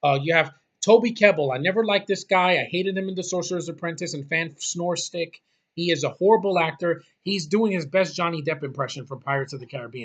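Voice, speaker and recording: A man's voice: a little high, a little fast. A man ranting about a movie in a casual, blunt, exasperated way, swearing often and rambling through restarts. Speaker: movie reviewer.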